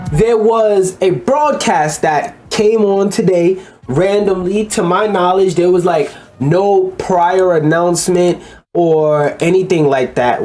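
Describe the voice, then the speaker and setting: A man's voice: sits high, a little mellow. A man giving casual, crude reaction commentary, rambling and stumbling over names as he reads through a list. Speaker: commentary YouTuber.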